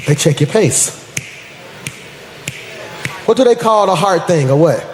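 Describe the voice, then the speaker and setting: A man preaching a sermon as pastor, in a rhythmic, sing-song style that swells into shouts and addresses the congregation in casual slang. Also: sits high, expressive, slow, pauses often. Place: church sanctuary. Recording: echoey church hall with crowd.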